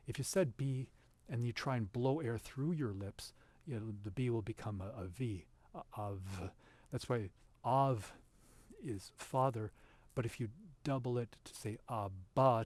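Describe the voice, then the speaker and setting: A man giving an informal lesson over a shared screen, patient and explanatory, pausing often with fillers and restarts. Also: fairly low pitch, darkish tone, slightly rough. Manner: halting, with many fillers and restarts. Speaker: teacher.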